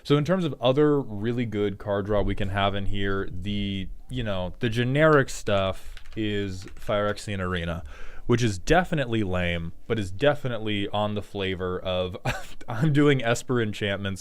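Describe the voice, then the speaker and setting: A man hosting a relaxed card game deck breakdown, cracking jokes and dropping profane asides as he rambles. His voice sits on the lower side and comes through smooth and clean. He talks like he's chatting with friends. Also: normal speed. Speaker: host.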